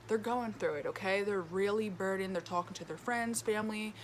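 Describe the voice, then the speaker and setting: A woman's voice: medium pitch, brisk, slight background noise. Chatty woman giving a tarot reading. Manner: chatty, filler-heavy, keeps checking in with "okay?". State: talking with a retainer in her mouth. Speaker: tarot reader. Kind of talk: casual tarot reading to camera.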